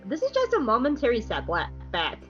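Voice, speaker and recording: A woman's voice: a little high, huge pitch swings, normal speed, a bit bright, husky, dull audio, soft background music, heavily acted. A smug, calculating male alien admiral who lectures his enemy, as a woman puts him on during a podcast recap. The voice stays close to her own talk, only cooler and more clipped.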